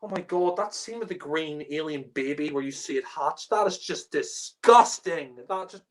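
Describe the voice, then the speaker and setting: A man's voice: fairly high pitch, normal speed. A man giving a casual spoken review rant, exasperated and profane, laughing often and using many fillers.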